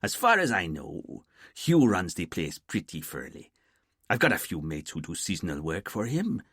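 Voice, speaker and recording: Audiobook figure: a laid-back male island police officer, unhurried and casual, voiced by a male narrator. Low and husky, with a dry close sound. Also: sing-song, a bit bright, no room sound, heavily acted.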